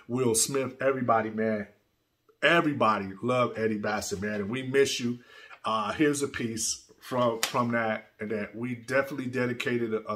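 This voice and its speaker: Man, vlog host, casual studio talk, heartfelt, rambling, repeats himself, medium pitch. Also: bright, forceful tone. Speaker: channel host.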